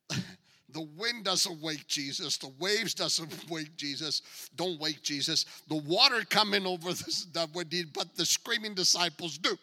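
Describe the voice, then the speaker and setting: A man preaching a sermon as a guest speaker, dramatic and joking, swinging from quiet talk to shouting. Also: on the high side, long reverb tail.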